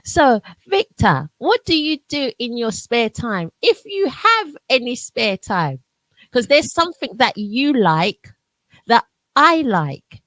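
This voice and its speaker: Lively, slow-talking South London woman host. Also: on the high side, no echo. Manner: warm gushing praise, frequent laughter. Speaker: radio host. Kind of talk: casual interview chat.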